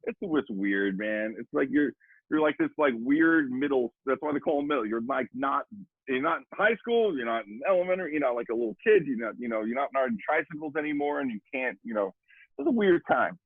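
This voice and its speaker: A middle-aged man speaks in a husky voice, rambling through an animated story and repeating himself as he talks. The sound is tinny and phone-like, with a dry, close feel and no room around it. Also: medium pitch, a little fast, no room sound. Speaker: guest drummer and educator. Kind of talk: casual storytelling conversation.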